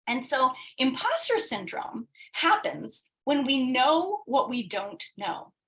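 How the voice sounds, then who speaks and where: Animated woman leading a coaching workshop. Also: high-pitched, poor audio. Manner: animated, acts out quoted voices, frequent tag questions. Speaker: workshop presenter. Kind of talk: interactive coaching workshop talk.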